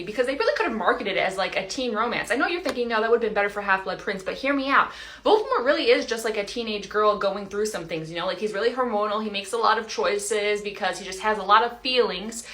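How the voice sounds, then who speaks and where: A young adult woman, a TikTok creator, gives a casual comedic monologue to camera, chatty and playful and full of "like" and "you know." Her voice is medium-pitched and a bit bright, and she talks fast.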